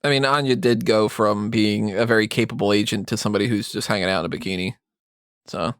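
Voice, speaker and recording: A man's voice: lowish voice, steady tone, fast, a bit bright, clean tone, dry recording, studio quality. Laughing podcast man recapping plots. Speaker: podcast co-host. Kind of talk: casual movie-review chat.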